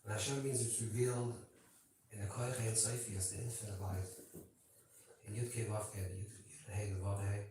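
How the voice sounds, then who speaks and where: Rabbi teaching in a very echoey room. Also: male voice, lowish voice, fairly even intonation, moderate pace, darkish tone, distant mic, a little hiss or hum. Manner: conversational, keeps checking in with listeners; playful asides and banter with the audience. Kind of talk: informal teaching talk at a gathering.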